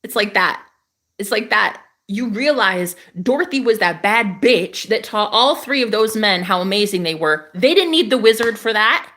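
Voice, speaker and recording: A woman's voice: medium pitch, expressive, moderate pace, fairly bright tone. Woman, young adult, spiritual vlogger, fiery, emphatic, profane, casual rant.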